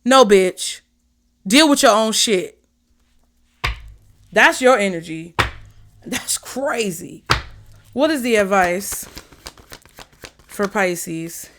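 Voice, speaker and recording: A woman giving a casual tarot reading to camera, talking in a blunt, profane and animated way. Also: mid-range voice, extremely slow, pauses often, background noise. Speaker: tarot reader.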